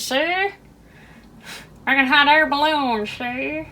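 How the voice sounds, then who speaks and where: A woman's voice: high-pitched, a little slow, fairly bright tone, a little hiss or hum. A young woman talking to herself as she crochets a toy, chatty and self-deprecating, laughing at her own mistakes. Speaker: crochet vlogger. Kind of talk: casual self-talk while crafting.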